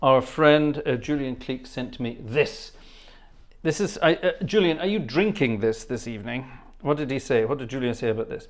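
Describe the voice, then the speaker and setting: A man's voice: medium pitch, normal speed. A man hosting a casual livestream, chatty and rambling, laughing often and thanking viewers by name. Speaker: livestream host and organist. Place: home studio.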